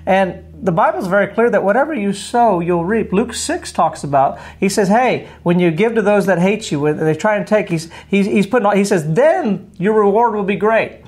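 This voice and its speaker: A middle-aged man, a pastor hosting a morning devotional radio show, talking in a cheerful, energetic, preacherly way. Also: sits high, moderate pace, few pauses, slightly rough. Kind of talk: upbeat devotional radio chat.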